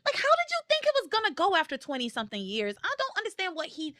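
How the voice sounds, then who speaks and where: A woman hosting a podcast in casual, laughing chat. Her voice is bright and swoops widely in pitch, recorded dry and close. She swears freely and talks with lots of energy. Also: sing-song, brisk, no room sound. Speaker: podcast host. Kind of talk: casual chat recapping a soap opera.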